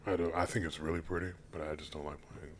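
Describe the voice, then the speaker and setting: A man's voice: a bass voice, fast, slight background noise. A man co-hosting a casual podcast who laughs easily and keeps the chat going with follow-up questions. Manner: relaxed, laughs often, asks follow-up questions. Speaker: podcast co-host.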